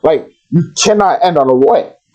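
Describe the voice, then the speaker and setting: A man's voice: on the high side, animated, moderate pace, darkish tone. A man hosting a reaction video, talking emphatically and rambling as he weighs in. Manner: emphatic, rambling, says bro. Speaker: reaction channel host. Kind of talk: casual reaction commentary. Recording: dull lo-fi mic.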